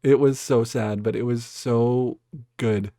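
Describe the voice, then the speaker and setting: A man's voice: mid-range voice, fairly even intonation, slow pace, mellow, no echo, studio quality. A man co-hosting a podcast, casually retelling scenes from a video game with quoted lines. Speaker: podcast co-host. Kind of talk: casual chat.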